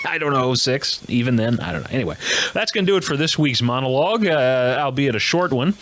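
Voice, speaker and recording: A man's voice: medium pitch, big pitch swings, fairly quick, a bit bright. Man delivering a rambling comic news monologue. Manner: jokey, self-mocking, rambling asides. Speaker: comedy show host.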